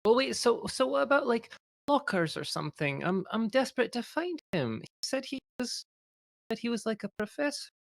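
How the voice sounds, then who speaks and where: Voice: high-pitched, normal speed, hardly any pauses, a bit bright, no room sound, clean studio sound, pitched above the performer's own voice. A tabletop player voicing a desperate young woman who fakes crying to get help. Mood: pleading.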